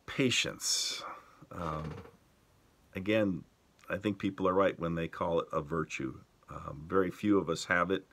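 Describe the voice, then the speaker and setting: A man leading a daily devotional as pastor, telling stories calmly and unhurriedly with many small hesitations. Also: deep voice, moderate pace, creaky, a little hiss or hum. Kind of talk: devotional sermon.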